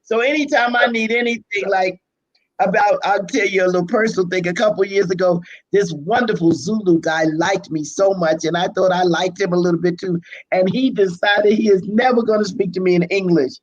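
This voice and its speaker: An older woman with a Brooklyn accent, chatting as an interview guest, self-deprecating and quick to laugh. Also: mid-range voice, lo-fi sound. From Brooklyn, United States. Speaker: pastor and biblical scholar, guest. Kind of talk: casual conversational interview.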